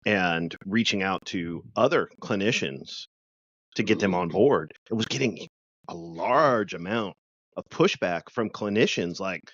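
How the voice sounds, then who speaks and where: A man's voice: sits low, lively intonation, a little slow, a bit bright, no echo. A man hosting a podcast talks in a casual conversational way. He often stammers as he starts, repeating words before finishing his thought. The audio is dry and slightly muffled. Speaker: podcast host.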